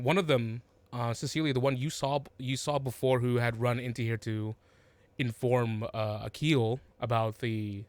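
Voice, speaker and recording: A man's voice: medium pitch, smooth, dry recording. A man narrating a tabletop game as game master, hesitant, with lots of ums and restarts.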